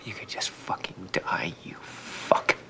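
An actor playing a bitter grown son speaking to his dying father in a hushed, seething, broken voice. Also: slow, in a whisper. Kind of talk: film drama.

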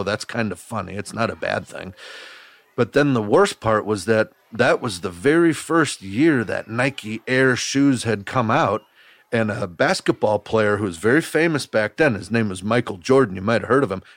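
A Wisconsin man hosts a children's podcast in the role of a camp counselor, telling a story directly to young listeners with homespun phrases. His voice is on the low side, and the recording is dry.

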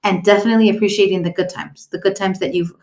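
Fast-talking encouraging woman, echoey room. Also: medium pitch, steady tone, a little mellow. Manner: encouraging, talks in long flowing runs. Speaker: podcast co-host. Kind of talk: casual chat. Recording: roomy echo.

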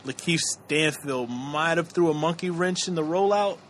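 A man's voice: on the high side, normal speed, a crowd in the background. A man co-hosting a podcast, rambling in casual slangy chat and laughing often. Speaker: podcast co-host.

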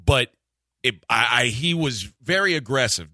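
Male radio host, bright voice, dry studio sound, lively storytelling, acts out quotes. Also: mid-range voice, moderate pace, no room sound. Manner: animated storyteller, acts out quotes, laughs often. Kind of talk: casual storytelling chat.

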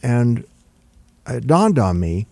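A man's voice: medium pitch, slow pace, gravelly, no echo. An older man, a record producer, telling long stories in an interview with many fillers and restarts. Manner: relaxed, rambling with fillers and restarts. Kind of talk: conversational interview storytelling.

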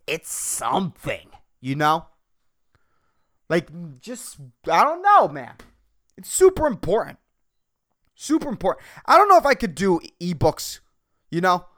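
A man hosts his own comedy podcast and talks alone into the mic. His delivery is goofy and aggressive, and he swears freely. His pitch swings widely, from low mutters up to sudden high bursts. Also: huge pitch swings, a little slow, long pauses, a bit bright. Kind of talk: casual solo podcast talk.

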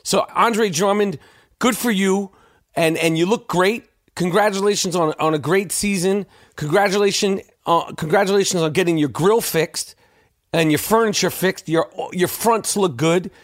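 A man's voice: sits high, moderate pace, no room sound, clean studio sound. Brash, profane man hosting a podcast. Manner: brash, animated, stammering repeats. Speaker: podcast host. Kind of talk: profane rant.

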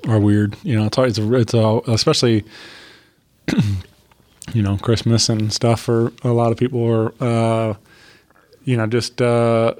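A man in casual chat who speaks haltingly with many pauses and fillers. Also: mid-range voice, little pitch movement, a little mellow, no room sound.

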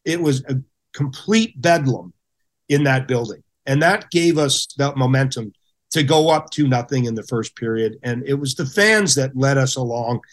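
A middle-aged man telling stories as a podcast guest, with a voice of ordinary pitch. He talks in a casual, animated way and acts out the people he quotes. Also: normal speed. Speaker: podcast guest, former hockey goaltender. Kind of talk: casual storytelling.

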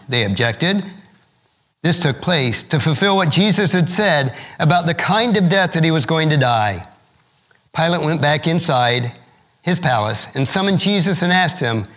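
A man's voice: a little high, bright, forceful tone. A man as pastor, preaching a sermon and reading scripture aloud expressively, lifting his voice for the quoted speakers.

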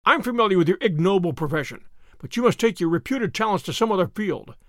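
Male reader as irate elderly colonel, barking threats, highish voice, audiobook. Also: lively intonation, quick pace, no echo, studio quality. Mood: furious. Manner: blustering, shouting threats. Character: furious old male army colonel, bristling. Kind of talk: audiobook character reading.

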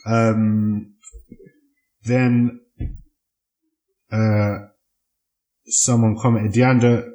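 A man's voice: medium pitch, normal speed. A man co-hosting a podcast in casual chat, rambling with lots of fillers. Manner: relaxed, rambling, many fillers and restarts. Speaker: podcast co-host. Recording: echoey room.

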